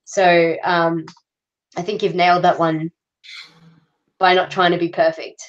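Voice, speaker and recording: A woman, chatting as a guest over a video call, relaxed and hesitant with many ums. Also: on the low side, measured pace, muffled recording. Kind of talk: casual video-call chat.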